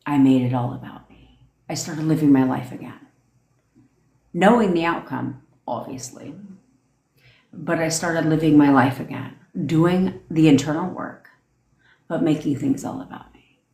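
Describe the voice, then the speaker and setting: A woman's voice: low-pitched, unhurried, long pauses, darkish tone. A young woman coaching on a livestream, ranting in a blunt, profane, emphatic way. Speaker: manifestation coach. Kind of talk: livestream rant. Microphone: phone. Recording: echoey room.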